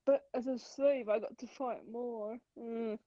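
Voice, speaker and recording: A woman's voice: fairly high pitch, fairly even intonation, measured pace, warm tone, no room sound, lo-fi sound, lightly acted. A woman playing a brash, fight-hungry ex-pit-fighter. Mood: boisterous. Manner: eager, brash, boisterous. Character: gruff male former pit-fighter prisoner, fight-hungry.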